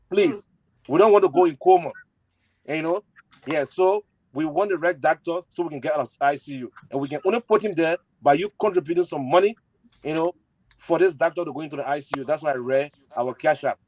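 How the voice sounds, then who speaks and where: A man making an impassioned fundraising appeal, repeating himself and spelling out letters slowly. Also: fairly high pitch, darkish tone, no echo, rough recording. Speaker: campaign supporter and fundraiser.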